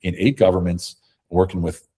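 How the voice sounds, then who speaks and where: Deep-voiced guest, husky and dark, emphatic storyteller. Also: male voice, moderate pace. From America. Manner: emphatic, animated storytelling with acted quotes. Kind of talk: conversational interview.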